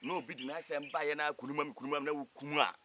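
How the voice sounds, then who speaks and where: A man playing a fast-talking Ghanaian man. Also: on the high side, slight background noise. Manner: fast, animated Twi-English code-mixing. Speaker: actor in a comedy film.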